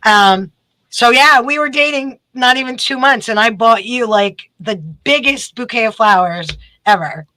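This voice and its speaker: A woman, a guest telling a story in casual chat, animated and quick. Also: on the high side, no room sound, low-quality recording. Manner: animated, quick storytelling with bursts of acted quotes.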